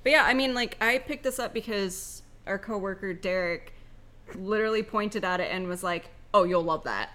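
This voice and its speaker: A woman's voice: medium pitch, a bit bright. A woman co-hosting a podcast, chatting casually about comics with many fillers. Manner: chatty, uses fillers, quick to laugh. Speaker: podcast co-host.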